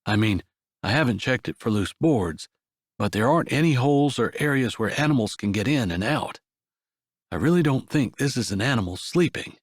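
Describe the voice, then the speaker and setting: A man playing a grown farmer and father who speaks low and calm. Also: normal speed, breathy edge, no echo, studio quality. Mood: hushed. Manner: low, hushed, parental.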